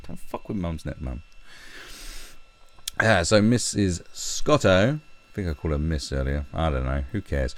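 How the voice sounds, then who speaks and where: A man's voice: extremely low pitch, animated, normal speed, pauses often, dry recording. A man hosting a livestream, reading and mocking a news story with sarcastic, profane asides. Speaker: livestream host. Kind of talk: ranting commentary on a news story.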